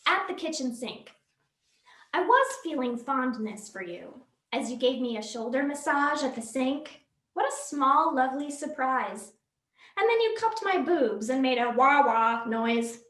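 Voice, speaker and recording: High, lively woman reading comic prose. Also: unhurried. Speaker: reader at a library storytime. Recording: roomy echo.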